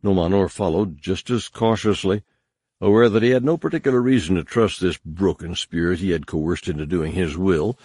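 Man, audiobook narrator, measured storytelling, very deep voice, dry close sound. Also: a little mellow, breathy edge, no room sound. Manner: measured storytelling with harsh commanding dialogue. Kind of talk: scripted narration.

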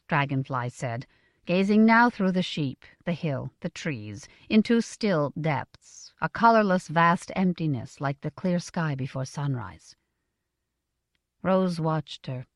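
A woman narrating an audiobook in a measured, expressive way. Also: lowish voice, dry recording. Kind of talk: scripted narration.

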